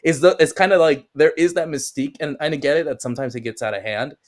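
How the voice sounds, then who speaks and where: A man's voice: a little high, fast talker. A young man, a stream guest, chatting casually in a rambling way, full of restarts and filler words. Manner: rambling, heavy use of "like" and restarts. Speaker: podcast guest. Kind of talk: casual chat.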